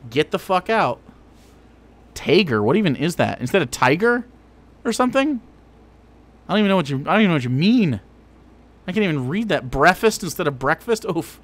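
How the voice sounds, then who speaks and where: A man's voice: high-pitched, fairly bright tone. A man hosting a livestream, reacting to a video with crude, sarcastic rants. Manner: crude and sarcastic, mock-ranting. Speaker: livestream host. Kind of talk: casual livestream rant.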